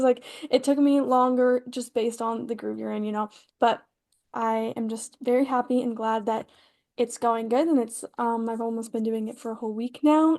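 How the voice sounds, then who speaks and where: A woman's voice: on the high side, darkish tone. A young woman co-hosting a podcast, chatting casually with lots of fillers and restarts. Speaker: podcast co-host. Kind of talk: casual chat. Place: home, on a call.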